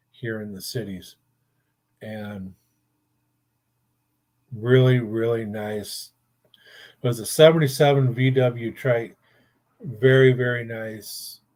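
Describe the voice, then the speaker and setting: A man's voice: mid-range voice, a little mellow. An older man, a grandfather, hosting a casual chat show and telling rambling stories in a blunt, profane way. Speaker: podcast host.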